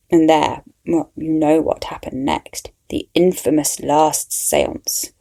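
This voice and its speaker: Wry, gravelly woman narrator. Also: low-pitched, slow, few pauses, warm tone. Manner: wry, dry first-person storytelling. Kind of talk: scripted story narration.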